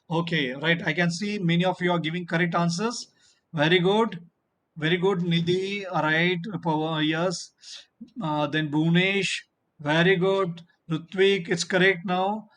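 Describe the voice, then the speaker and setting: A man's voice: high-pitched, fairly even intonation, unhurried, a bit bright. A man teaching a class online, encouraging and praising his students often while explaining the lesson. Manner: encouraging, repeats praise and "you know"; firm about turn-taking. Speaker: English teacher.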